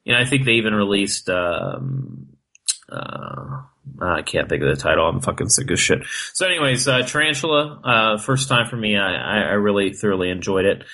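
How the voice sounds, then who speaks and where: A man's voice: on the low side, very animated, moderate pace, creaky, pushed and bright, poor audio. A man co-hosting a podcast in loose casual chat, swearing a lot and filling his talk with "like". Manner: loose, heavy swearing and filler "like". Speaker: podcast co-host.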